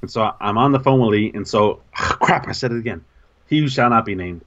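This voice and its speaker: A man co-hosting a podcast, telling an embarrassing story in casual, animated, self-mocking chat. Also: fairly low pitch, a little fast, lo-fi sound. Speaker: podcast co-host.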